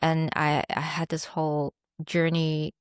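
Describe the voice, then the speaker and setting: A woman's voice: low voice, monotone, a little slow, clean tone, no echo, clean studio sound. A young adult woman hosting a podcast, talking candidly and reflectively about her own experience, with small laughs along the way. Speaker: podcast host. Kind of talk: candid personal monologue.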